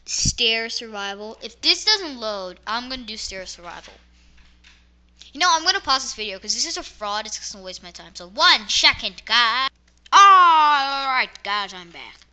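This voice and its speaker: A woman giving excitable let's-play commentary, yelping at fails and muttering asides. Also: a little high, moderate pace. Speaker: gamer. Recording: loud background noise.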